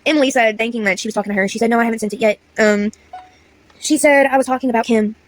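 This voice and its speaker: A woman's voice: on the high side, fast talker, a little hiss or hum, rough recording. A young woman of about twenty, reading old text messages aloud in a chatty, exasperated story-time vlog. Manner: chatty, exasperated, slangy asides. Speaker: content creator.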